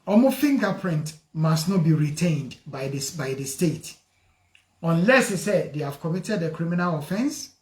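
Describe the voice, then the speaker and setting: A man's voice: on the high side, reverberant. A man hosting a call-in legal advice radio show, mixing Twi and English. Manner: lively, laughs easily, switches between Twi and English.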